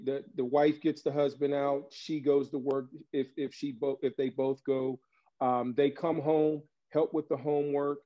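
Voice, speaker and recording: A man giving an animated, conversational training talk to sales agents, telling stories and acting out door-knocking scenes. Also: on the high side, dull audio. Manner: animated, storytelling, conversational with fillers. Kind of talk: energetic training talk with role-play.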